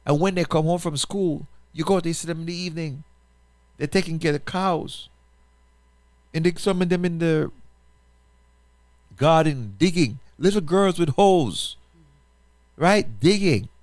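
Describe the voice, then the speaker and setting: A pastor hosting a talk show, speaking, makes an impassioned appeal full of repetition and rhetorical questions. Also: male voice, fairly high pitch, moderate pace, long pauses, dry recording. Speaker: pastor and radio show host.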